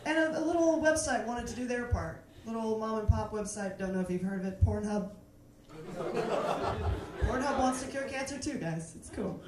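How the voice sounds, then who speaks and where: A woman doing a stand-up comedy set with a sardonic delivery, often sliding into quiet mock asides, in a comedy club. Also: fairly high pitch, moderate pace, a crowd in the background. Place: comedy club stage, live audience. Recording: echoey room from far off, noisy.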